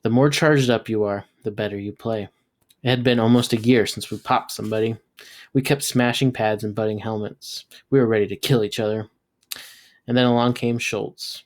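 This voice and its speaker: In this storytelling read-aloud, a teacher, a man, performs a novel at a normal pace. He's lively and animates the characters' lines with abrupt jumps in pitch and volume.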